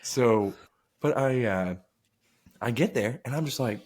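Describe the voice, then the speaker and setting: A man in his thirties co-hosting a casual podcast, telling crude, lively stories with acted-out quotes. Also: medium pitch, unhurried. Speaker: podcast co-host.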